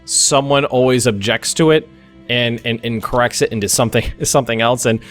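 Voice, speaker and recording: A man's voice: medium pitch, fairly even intonation, fairly quick. An American young man hosting a let's play, thinking aloud through a strategy game with frequent restarts and asides. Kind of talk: casual gameplay commentary. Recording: faint music behind.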